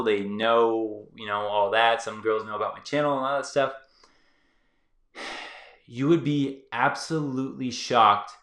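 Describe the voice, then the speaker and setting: A man's voice: on the low side, a bit bright, reverberant. A man hosting his own online channel, giving loose, conversational advice to viewers with lots of fillers. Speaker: YouTube channel host. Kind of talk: casual advice monologue to viewers.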